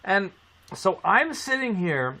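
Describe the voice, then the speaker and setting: A man from Canada casually telling a story on a live stream, animated and swearing. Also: high voice, slow. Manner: animated, swearing storyteller who acts out quotes.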